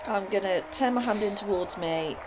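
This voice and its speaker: Woman player, playful and animated, audible noise behind. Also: medium pitch, normal speed. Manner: animated, playful, laughing in character. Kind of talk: tabletop role-play.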